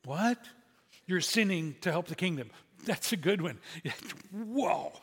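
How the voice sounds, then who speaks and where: A man's voice: sits high, expressive, slow, gravelly, a bit bright, breathy edge, long reverb tail. A man pastor delivering a sermon in a conversational, self-deprecating way.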